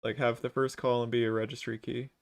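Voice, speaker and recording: A man's voice: medium pitch, level tone, fast, vocal fry. A man hosting a casual coding livestream, thinking aloud as he works and joking with a co-developer. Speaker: livestream host and programmer.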